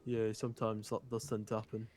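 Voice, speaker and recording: A man's voice: lowish voice, completely flat delivery, fairly quick, darkish tone, soft background music. A man voicing an easygoing character in a wild west role-play, talking with many hesitations. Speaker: role-play character, legal family member.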